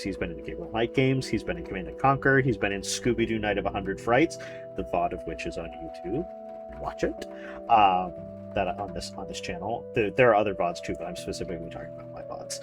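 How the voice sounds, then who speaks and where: A man streaming a video game, rambling and joking with casual commentary, swearing and laughing often. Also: lowish voice. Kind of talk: casual let's-play commentary.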